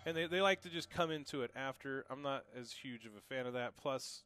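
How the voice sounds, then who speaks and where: A man's voice: mid-range voice, brisk, loud music behind the voice. A young man giving a casual, encouraging drum lesson, explaining each pattern and counting it aloud. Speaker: drum teacher. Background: drum kit.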